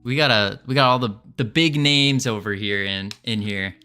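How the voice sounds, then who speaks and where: A man's voice: fairly low pitch, moderate pace, sharp tone, clean tone, soft background music. A man chatting casually on a game development livestream, playful and joking with his chat, laughing often.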